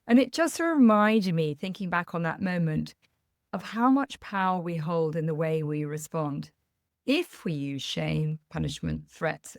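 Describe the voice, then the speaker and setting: A woman's voice: lowish voice, no echo, clean studio sound. A middle-aged woman hosting a parenting podcast, talking candidly and reassuringly and sharing personal stories. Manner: earnest, candid and reassuring, laughing at herself. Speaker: parenting coach, podcast host. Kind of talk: podcast monologue with personal anecdotes.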